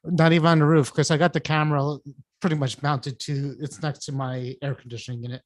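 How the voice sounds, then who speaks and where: A man's voice: on the high side, level tone, fairly quick, no room sound. A man co-hosting a podcast, telling rambling anecdotes with restarts and laughter. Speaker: podcast co-host. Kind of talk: casual chat.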